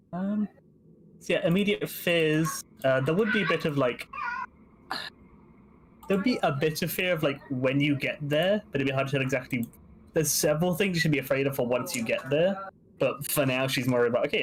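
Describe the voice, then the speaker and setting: A man running a tabletop game as game master, relaxed and laughing often, with many fillers. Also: on the high side, moderate pace.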